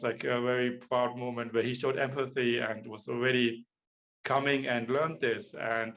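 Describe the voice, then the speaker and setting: A father tells a fond story from his son's childhood in a documentary interview. He speaks plainly and warmly. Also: medium pitch, poor audio. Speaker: father telling a family story.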